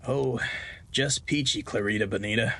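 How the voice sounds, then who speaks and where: A sly, cheerful rugged rancher, as a man voices him talks in an easygoing, folksy drawl. His voice sits at an ordinary male pitch. He sounds relaxed and a little too pleased with himself in this Western horror tale. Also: moderate pace, husky. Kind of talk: audio drama narration.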